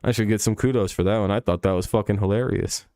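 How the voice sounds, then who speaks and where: Low, crisp-voiced man in casual sports banter. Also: quick pace, dark tone, dry recording, studio quality. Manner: joking, rambling, swears often. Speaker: sports streamer. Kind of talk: casual NFL preview chat.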